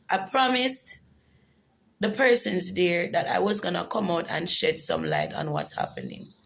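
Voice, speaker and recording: A woman's voice: lowish voice, huge pitch swings, unhurried, gravelly, fairly bright tone, rough recording. A woman giving an earnest, emotional personal testimony in a vlog. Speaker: vlogger.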